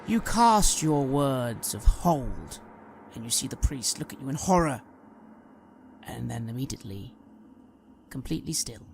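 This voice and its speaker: Gravelly-voiced game master narrating. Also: mid-range voice, animated, measured pace, long pauses, a little hiss or hum. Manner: descriptive, dramatic narration.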